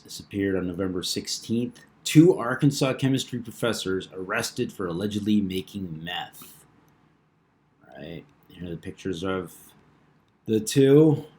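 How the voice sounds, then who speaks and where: Rambling man with a low voice. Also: lively intonation, a little slow, a little mellow. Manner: rambling, with fillers and stumbles over words. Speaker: channel host. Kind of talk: casual commentary reading a news article.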